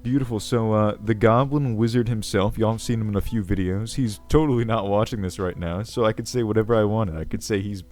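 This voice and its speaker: Pompous, rambling ancient goblin king, played by a man, low and crackly, faint music underneath. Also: fairly quick, few pauses, darkish tone, close to an everyday voice. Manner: pompous, rambling, self-assured. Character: self-important ancient male goblin king. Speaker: video host. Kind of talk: character comedy Q&A.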